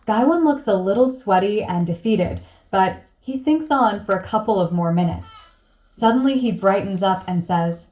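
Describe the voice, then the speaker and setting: A woman narrating a bar joke in a steady storytelling manner. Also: medium pitch, moderate pace. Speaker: joke teller.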